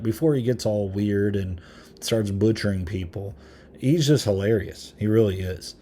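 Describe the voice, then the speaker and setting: A man's voice: on the low side, mellow, a little hiss or hum. A man hosting a podcast, giving a casual movie review in a rambling way, full of "um"s, with an occasional chuckle. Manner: rambling, many filler ums; chuckles now and then. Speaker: podcast host.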